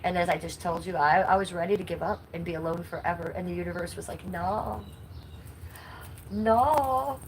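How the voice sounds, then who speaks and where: A woman's voice: on the low side, little pitch movement, fast talker, few pauses, a little hiss or hum, rough recording. A middle-aged woman with a nasal voice, talking bluntly and indignantly to her chat on a live stream. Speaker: livestreamer.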